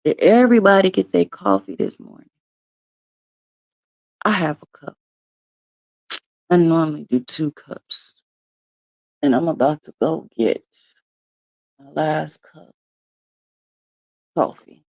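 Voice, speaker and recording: A woman's voice: sits low, animated, takes it slowly, long pauses, dry recording. A woman hosting a live stream, rambling casually with folksy asides. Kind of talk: casual morning chat. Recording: dry, slightly dull stream audio.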